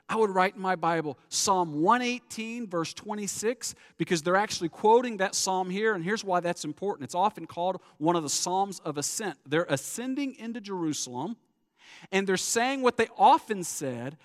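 A man preaching a sermon as pastor, animated, acting out the crowd's voices and dropping low at the ends of phrases. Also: moderate pace, in a large hall.

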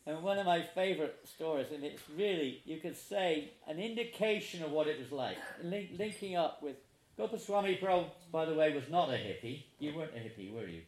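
A man's voice: a little high, brisk. An older man, telling a humorous personal story as a speaker at a spiritual retreat, talking to a live audience. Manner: animated, humorous anecdotal storyteller.

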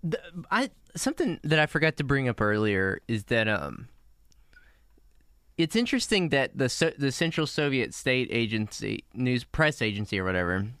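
A man's voice: mid-range voice, sing-song, moderate pace, fairly bright tone, clear, resonant tone, no echo, clean studio sound. A man co-hosting a podcast, rambling casually with hesitant fillers and frequent laughter. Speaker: podcast co-host.

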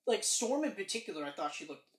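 A man casually chatting about movies as a podcast co-host, excited and swearing often. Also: sits high, quick pace. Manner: animated, swearing, excited retelling. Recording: echoey room.

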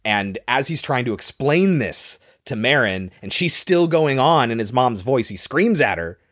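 A man's voice: mid-range voice, lively intonation, normal speed, few pauses, fairly bright tone, no echo, studio quality. A man casually retelling a film scene by scene, with loose fillers along the way. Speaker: podcast host recapping a film.

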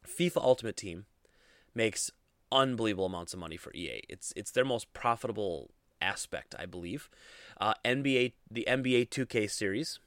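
A man's voice: lowish voice, lively intonation, a little fast, fairly bright tone, no echo, clean studio sound. A man hosting a casual solo gaming podcast, rambling with lots of fillers and restarts. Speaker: podcast host.

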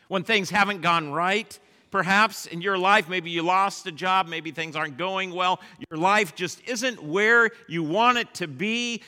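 A pastor preaching a sermon, leading his congregation in a repeated refrain. He swings between loud rallying calls and hushed, quiet lines. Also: a little high, a little slow. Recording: echoey church hall.

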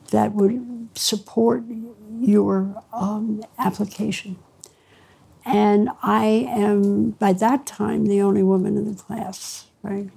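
Older lady doctor, gravelly and a bit husky, wry storytelling w lots of ums. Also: mid-range voice, mellow. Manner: reflective, wry, laughs between phrases, many fillers. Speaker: interview guest, pediatrician. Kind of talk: storytelling in conversation.

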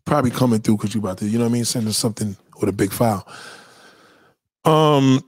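A man hosting a livestream, reading chat and ranting in a blunt, mocking, animated way. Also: mid-range voice, fast talker, husky, dry recording, clean studio sound. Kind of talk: casual profane rant.

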